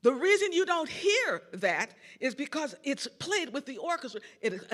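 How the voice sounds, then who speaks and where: An older man tells stories from the stage of a big concert hall, his voice riding high and swooping all over the place. He is a church organist and choir director, animated, singing little bits of tunes as he goes. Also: moderate pace, faint music behind. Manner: animated, sings snippets and acts out quotes. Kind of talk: storytelling lecture.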